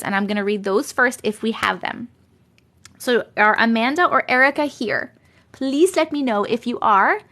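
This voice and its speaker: Chatty New York woman, fairly high voice. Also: sharp tone. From Long Island, New York. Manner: rambling, chatty, scattered; laughs often. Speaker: live-stream host. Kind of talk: casual live-stream chat.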